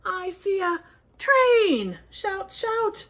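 A very high, bright-voiced young woman leads a toddler storytime, reading a picture book out loud. She talks slowly and stretches her words, gasping and calling out for the little ones to shout along. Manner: animated, gasping, drawn-out sing-song calls for children to join in. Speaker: children's storytime reader.

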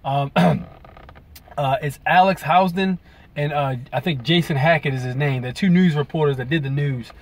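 Speaking at an ordinary pace in a voice on the high side, a man rants to camera for his viewers. As a video blogger, his commentary is rambling and full of profanity.

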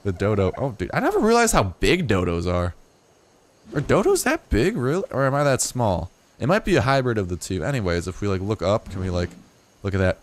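A young YouTuber, voice on the low side and fairly quick, riffs casually and jokingly while playing. He strays into asides and now and then lets out excited bursts.

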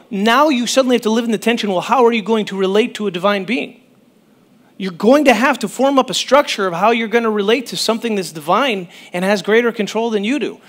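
Male pastor with a high voice, preaching casually and animatedly, restarting his sentences. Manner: conversational, animated, breaks off mid-sentence. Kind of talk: sermon.

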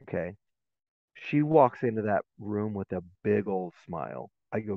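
A man's voice: fairly low pitch, measured pace, vocal fry, no room sound. Middle-aged man on a tinny call line. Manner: animated, acts out voices in his stories. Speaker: guest educator. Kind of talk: storytelling in a podcast interview. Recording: tinny, phone-like remote line.

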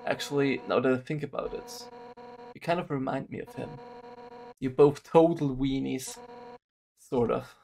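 A man reading a game's lines aloud, voicing a hot-headed female guard captain in a brash, loud, teasing way. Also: mid-range voice, normal speed, gravelly, pauses often, slight background noise, natural voice. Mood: reminiscing. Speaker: streamer reading game dialogue aloud. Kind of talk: let's play voice reading.

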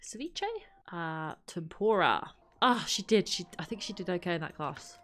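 A woman's voice: on the low side, moderate pace, fairly bright tone, faint music behind. A woman giving chatty let's play commentary, thinking aloud and exclaiming at what happens in the game. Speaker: gaming channel host.

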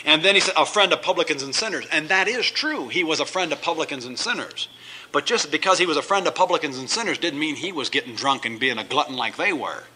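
A man's voice: on the high side, lively intonation, fast talker, pushed and bright, a little hiss or hum, poor audio. A male pastor teaching a verse-by-verse Bible study sermon, reading scripture aloud and then explaining it with emphatic asides.

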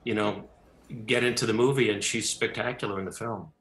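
Animated man telling stories. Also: lowish voice, a little fast, echoey room. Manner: animated storyteller, many fillers and restarts. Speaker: film director and actor, guest. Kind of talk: talk show interview. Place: television studio.

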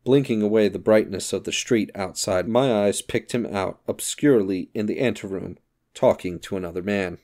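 Low-voiced guy reading a novel aloud, steady and measured. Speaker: audiobook narrator. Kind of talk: scripted narration.

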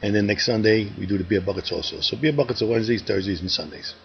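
A man's voice: fairly low pitch, fast, creaky, lo-fi sound, a little hiss or hum. A man running a bar, casually announcing the week's events and telling a joke in a folksy, chatty way. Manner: folksy, chatty, tells a joke with put-on voices. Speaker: bar owner giving weekly announcements. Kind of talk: casual social media video.

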